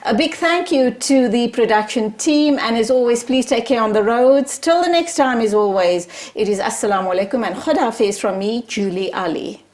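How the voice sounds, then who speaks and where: A woman's voice: a little high, normal speed, few pauses, a little mellow. A woman hosting a TV talk show, asking questions in an affirming, encouraging way in a studio.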